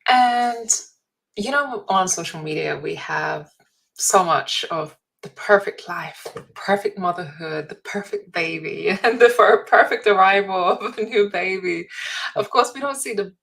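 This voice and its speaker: A woman's voice: medium pitch, measured pace, creaky, fairly bright tone, low-quality recording. A woman hosting a conversation, speaking in a mid-range voice. She reflects thoughtfully on each topic before steering toward a question for her guest. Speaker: interview host. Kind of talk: interview conversation.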